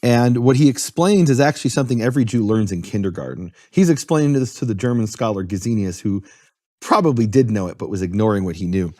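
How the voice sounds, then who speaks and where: A man's voice: lowish voice, expressive, quick pace, a little mellow, no room sound, clean studio sound. A man giving an earnest, step-by-step explanation in a conversation, spelling out terms as he goes. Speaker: guest explaining Hebrew.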